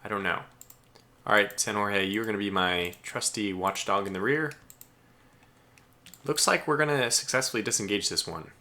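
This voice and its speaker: A man giving live gameplay commentary as a streamer, chatty and excitable, talking aloud to the ships he commands. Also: fairly low pitch, normal speed, long pauses.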